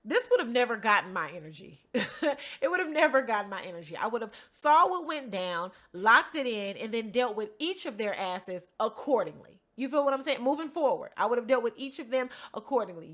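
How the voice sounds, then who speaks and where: A young woman casually recapping a reality show episode, chatty and animated, full of slang and asides. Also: fairly high pitch, fairly quick.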